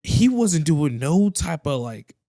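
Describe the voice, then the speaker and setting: A man's voice: on the high side, big pitch swings, slow pace, warm tone, dry recording. A young man speaks bluntly and casually, heavy on slang, as a sports podcast co-host. His voice sits mid-range, and the sound is dry and close.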